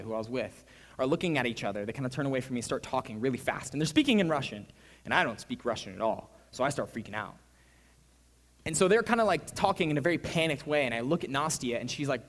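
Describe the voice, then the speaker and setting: Young man preaching in a reverberant hall. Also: mid-range voice. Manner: storytelling, shifts between loud excitement and hushed quiet. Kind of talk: sermon. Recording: long reverb of a large hall.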